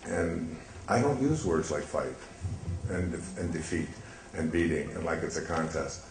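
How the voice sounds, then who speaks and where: Older male speaker, low-pitched, reflective storyteller, roomy hall sound. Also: gravelly. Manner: gentle, reflective, halting with fillers. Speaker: speaker on stage. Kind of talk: storytelling talk. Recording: echoey hall, faint hiss.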